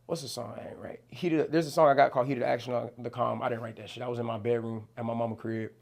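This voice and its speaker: A man's voice: mid-range voice, fairly even intonation, quick pace, vocal fry. A young man from New Jersey, a rapper talking casually in an interview, loose and slangy with plenty of swearing. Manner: loose, slangy, swears, many "you know what I'm saying". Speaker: rapper guest.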